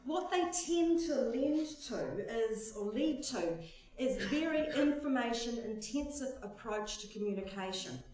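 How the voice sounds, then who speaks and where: A woman social scientist giving a relaxed, joking conference talk with plenty of filler words. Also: on the high side, a little slow. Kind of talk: conversational conference presentation. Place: large lecture hall. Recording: very echoey hall, mic at a distance.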